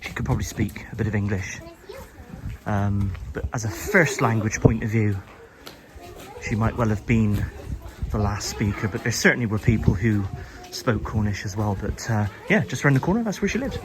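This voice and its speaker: A man's voice: on the low side, fairly even intonation, moderate pace. A man hosting a casual walking vlog, rambling chattily with repeated words and restarts, filmed outdoors in a busy village at night on a handheld camera. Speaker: vlogger, host.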